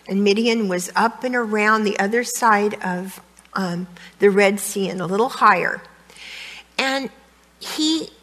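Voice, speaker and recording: A woman's voice: medium pitch, fairly bright tone. A woman retelling a Bible story in a homey, conversational way with frequent "um"s. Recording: long reverb, roomy hall sound.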